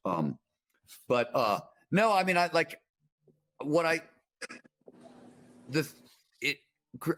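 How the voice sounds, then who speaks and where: Male writer, average pitch, loose thinking-aloud conversational delivery. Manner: rambling with many restarts and "like" fillers. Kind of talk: reflective casual conversation.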